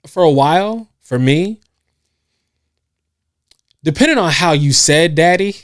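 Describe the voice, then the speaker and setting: A man with a fairly high voice, recorded close and dry with almost no room sound. He chats casually on a podcast couch, laughing a lot and playing out the lines of people in his stories. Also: expressive, takes it slowly, no room sound. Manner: storytelling, laughs often, acts out quotes. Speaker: podcast co-host. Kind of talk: casual chat. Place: indoors on a couch.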